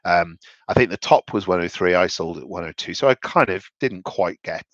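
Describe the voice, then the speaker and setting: A man talks through investment charts in a loose, thinking-aloud way, often restarting his sentences. His voice sits low. The recording is dry and slightly dull. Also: moderate pace, a bit bright, dry recording. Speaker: investment commentator. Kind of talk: casual market commentary over charts.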